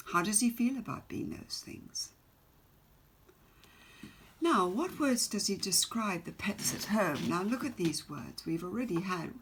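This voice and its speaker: A woman teacher giving a recorded poetry lesson, asking her students question after question in a measured way. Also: on the low side, vocal fry, breathy edge. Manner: slow, questioning, reads poem aloud with emphasis.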